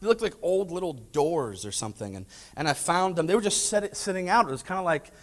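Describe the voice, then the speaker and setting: In this sermon, a male pastor acts out family conversations within an energetic story, then turns to question his congregation directly. He speaks at a slightly fast clip with a voice pitched high.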